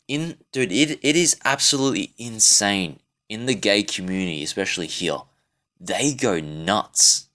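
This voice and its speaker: A man's voice: mid-range voice, fairly bright tone. A man in a casual self-recorded monologue, ranting in a rambling, profane way with frequent restarts. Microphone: self-recorded device.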